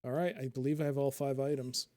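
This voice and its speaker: A man streaming a game live, thinking out loud in a chatty way and reading item descriptions aloud. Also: medium pitch, steady tone, fast talker, dry recording. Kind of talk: casual live game commentary.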